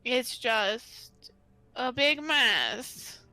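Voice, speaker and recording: A shy, awkward young male troll, voiced by a woman who drags out every word in slow, hesitant bits. His tone stays bright and a little high despite the sadness. He never sounds sure of himself. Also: animated, dry recording, soft background music, full character voice, rough recording. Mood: dejected. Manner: slow, halting, hesitant delivery. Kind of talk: voicing a character in a game playthrough.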